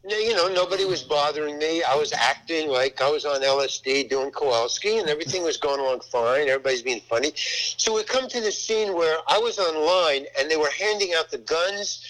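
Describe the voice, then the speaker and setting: An older man, an actor, telling a rambling anecdote from a film shoot in a casual, halting way. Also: a little high, lively intonation, fairly bright tone, poor audio. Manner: rambling, halting, full of restarts.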